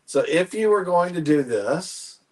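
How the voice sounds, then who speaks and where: A man co-hosting a casual real estate panel chat, telling stories in a chatty way and trailing off softly at the ends of his thoughts. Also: on the high side, expressive, a little slow. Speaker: real estate agent and co-host. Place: Houston.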